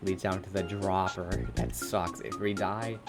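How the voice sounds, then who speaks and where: A man's voice: low-pitched, fairly even intonation, unhurried, vocal fry. A teenage boy giving casual, jokey gameplay commentary, swearing and yelping in panic when something chases him. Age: teens. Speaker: gaming content creator. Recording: game music playing underneath. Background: background music.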